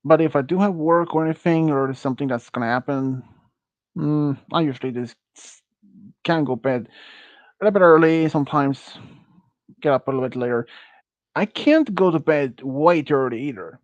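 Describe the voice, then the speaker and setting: Man, swedish accent, halting casual chat, higher voice, dry muffled recording. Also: no echo. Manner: rambling, halting, self-correcting, laughs often. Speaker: streamer. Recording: muffled dry close mic.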